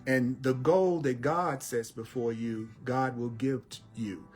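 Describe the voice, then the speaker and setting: A man teaching spiritual lessons in an emphatic style, repeating phrases and slowing down on key words. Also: mid-range voice, faint music behind. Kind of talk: repetitive inspirational teaching.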